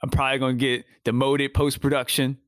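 A man's voice: mid-range voice, level tone, fairly quick, a bit bright, dry recording. A man co-hosts a laid-back wrestling podcast, rambling and restarting his sentences as he weighs his views. His mid-range voice sounds dry and close to the mic. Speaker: podcast co-host. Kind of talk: casual wrestling recap chat.

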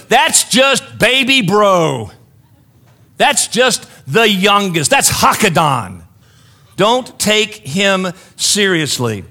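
A male preacher with a high, bright voice that swings widely in pitch as he tells the story. He talks in an animated way and turns often to the congregation with playful asides. His delivery has the lively give-and-take of a sermon.

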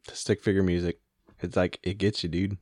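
A man's voice: sits low, level tone, brisk, darkish tone, no echo, clean studio sound. A man co-hosting a podcast, telling stories in a laid-back, casual way and laughing often. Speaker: podcast co-host. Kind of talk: casual chat.

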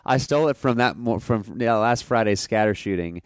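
A man's voice: on the low side, a little fast, no room sound, studio quality. Rambling podcast co-host, man. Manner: rambling, laughs while telling stories. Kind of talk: casual chat.

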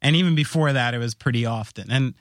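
A man hosting a podcast, telling stories in a rambling, animated way during casual chat. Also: mid-range voice, fast, no echo, studio quality. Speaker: podcast host.

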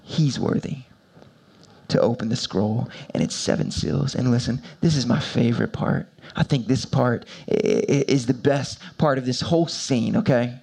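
A man preaching a sermon, moving between quiet, low passages and loud, high-pitched emphasis, with repeated building phrases. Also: normal speed, vocal fry, slightly rough. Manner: repetitive, building rhetorical preaching. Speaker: pastor.

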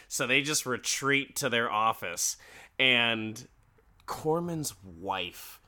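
Slow-talking bright-voiced man recapping a show. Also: mid-range voice. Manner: animated, laughing, profane, jumps into quoted voices. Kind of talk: casual recap with acted-out quotes.

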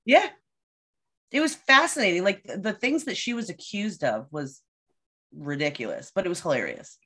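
A woman guest on a casual podcast, telling a story with a lively, animated delivery. Her voice sits a little low, and she slips into quick acted-out voices for the people in her tale. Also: slightly rough. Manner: lively storyteller who acts out quoted voices.

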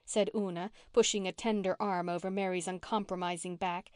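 A woman reading a classic novel aloud as an audiobook narrator, with calm, even storytelling on a close home microphone. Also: fairly low pitch, brisk, few pauses, smooth, no room sound. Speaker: audiobook reader.

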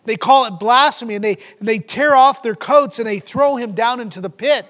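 Guy preaching a sermon, kinda high voice, gets loud then drops real quiet. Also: fairly quick. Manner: dynamic, swinging from loud emphasis to hushed low delivery.

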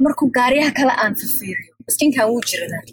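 A woman co-hosting a casual chat, laughing often and mixing languages, with a voice husky from bronchitis. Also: on the high side, very fast. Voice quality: lively, laughing, switches between two languages. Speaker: podcast co-host.

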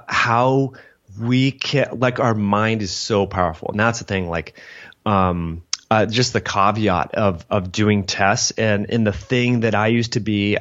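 A man telling a long personal story in casual interview chat, rambling and animated, acting out what people said. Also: on the low side, dull audio. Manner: rambling, animated, lots of "like" and acted-out quotes. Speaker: guest.

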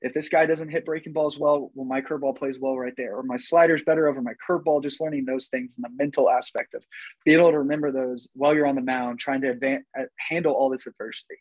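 A man's voice: mid-range voice, steady tone, fast talker, no echo, poor audio. A young man chatting casually as a podcast guest, rambling with lots of "like" fillers. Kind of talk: casual chat.

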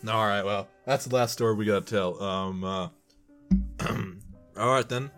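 A young man hosting a casual podcast, telling a story and acting out the quotes loudly. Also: lowish voice, a little slow, faint music behind. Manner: animated, acts out quotes loudly, swears. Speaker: podcast host.

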